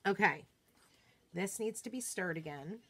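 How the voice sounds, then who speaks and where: A woman hosting a live craft demonstration, chatting casually and excitedly, often murmuring quietly to herself as she works. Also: medium pitch, normal speed. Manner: bubbly, chatty, self-deprecating, often drops to a murmur while working. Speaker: craft livestream host.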